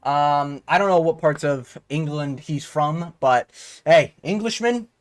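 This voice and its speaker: Rambling man, slangy, a bit high. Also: a little slow. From Canada. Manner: rambling, profane, slangy, keeps tagging "okay?". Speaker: MMA fight analyst. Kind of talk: casual fight breakdown commentary.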